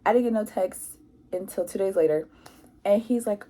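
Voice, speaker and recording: A young woman telling a casual storytime about her school days, animated and acting out what people said. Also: medium pitch, a little fast. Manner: animated, acts out quotes with lots of "like". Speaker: vlogger.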